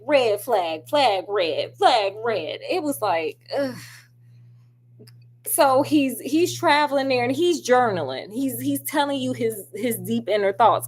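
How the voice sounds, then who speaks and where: A woman's voice: fairly high pitch, slight background noise. A woman reviewing a film in a casual, sassy, chatty way. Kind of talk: casual chat.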